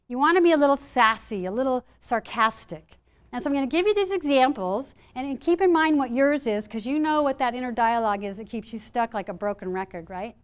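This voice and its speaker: A woman with a slightly high voice speaks to a live room of listeners about stress resilience. Her delivery is lively and playful, and she slips into little acted inner voices to make her points. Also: clean tone. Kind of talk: live presentation to an audience.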